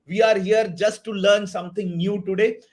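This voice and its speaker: A man teaching a live online DevOps class, energetic, often checking if everyone is clear. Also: high-pitched, moderate pace. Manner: energetic, repeats "are you all clear" and "right"; hypes up the chat and counts down to a target. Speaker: DevOps instructor.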